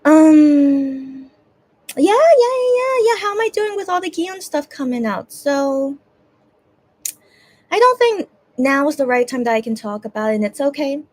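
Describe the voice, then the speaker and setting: A woman's voice: high voice, expressive, unhurried, pauses often, darkish tone, no echo. A young woman hosting a casual livestream chat. She hesitates and restarts often and sounds close to tears. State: teary, on the verge of crying. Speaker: livestream host.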